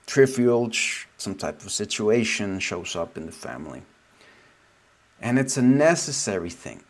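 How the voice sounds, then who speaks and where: Low-voiced man in a reflective teaching talk. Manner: reflective, meandering, often trailing off softly. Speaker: spiritual teacher. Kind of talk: casual spoken teaching.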